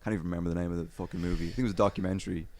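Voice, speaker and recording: A man's voice: low-pitched, fairly even intonation, rapid-fire, a little mellow. A man hosting a casual comedy podcast, rambling with lots of fillers and swearing. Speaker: podcast host. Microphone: handheld mic held close.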